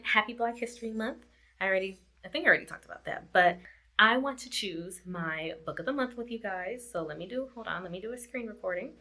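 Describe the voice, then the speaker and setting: A woman's voice: mid-range voice, bright, forceful tone. A woman reviewing a book in a casual vlog chat, repeating herself and laughing often. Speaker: book vlogger.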